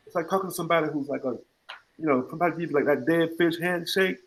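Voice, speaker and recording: A man with a somewhat high-pitched voice leads an online jazz clinic over a video call. He explains in a lively, joking way and keeps breaking into scatted phrases to show how the rhythms should sound. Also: a little fast, rough recording. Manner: scat-sings rhythm examples between explanations; animated, humorous teaching. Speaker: jazz music educator. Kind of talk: online music clinic lecture.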